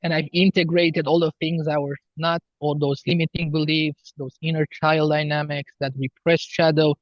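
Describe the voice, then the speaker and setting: A man talking as a healer guest on a podcast, slow and earnest as he explains spiritual ideas. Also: on the high side, flat delivery, no room sound, lo-fi sound. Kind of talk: podcast interview.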